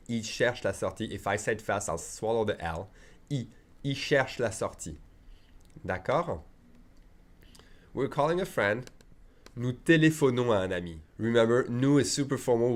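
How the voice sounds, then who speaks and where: A man's voice: fairly low pitch, a little mellow. A man teaching an online language lesson, chatty and full of asides, often checking in with his students. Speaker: French teacher.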